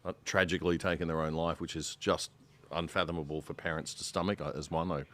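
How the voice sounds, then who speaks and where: A man's voice: very deep voice, little pitch movement, fast talker, fairly bright tone. An Australian man speaking as a guest on a panel podcast, earnest and emphatic in his views. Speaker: podcast guest, show host.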